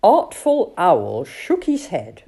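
Expressive woman reading a storybook. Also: fairly low pitch, slow, breathy edge. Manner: expressive, playful. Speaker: narrator.

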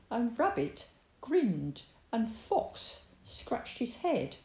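Woman reading a kids story, super singsong and slow, echoey room. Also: a little high. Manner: expressive, sing-song. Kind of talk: storybook read-aloud. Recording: roomy echo.

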